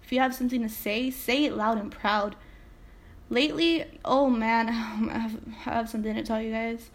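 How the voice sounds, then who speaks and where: A woman's voice: on the high side, fairly even intonation, moderate pace. A young woman from California hosting a casual motivational podcast, talking straight to her listeners with emphatic, swear-laced storytelling. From Salinas, California. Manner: emphatic, swears freely, speaks directly to listeners. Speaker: podcast host.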